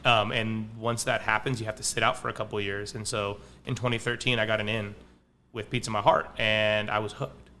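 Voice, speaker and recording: A man's voice: on the low side, little pitch movement, brisk, pushed and bright, slight background noise. A man who owns a pizza restaurant, talking casually as a podcast guest in a rambling way, full of restarts and fillers. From Palo Alto, California. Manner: rambling, frequent likes and restarts.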